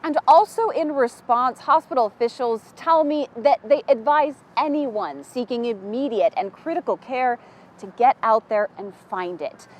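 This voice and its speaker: A woman reporter delivering a news segment with clear, formal reporting. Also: fairly high pitch, a little slow.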